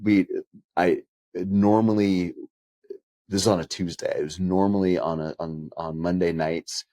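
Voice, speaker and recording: A man with a low, deep voice talks in an earnest, reflective tone, weaving personal stories into casual podcast chat. His voice is recorded close and dry, with no room sound around it. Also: fairly even intonation, a little slow, warm tone, no echo. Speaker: podcast co-host and pastor.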